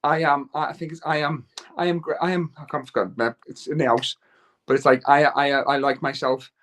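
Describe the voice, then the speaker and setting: Earnest man, fairly high voice. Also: steady tone, a little fast, fairly bright tone. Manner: earnest, rambling, with many restarts. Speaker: guest father. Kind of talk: casual talk-show chat.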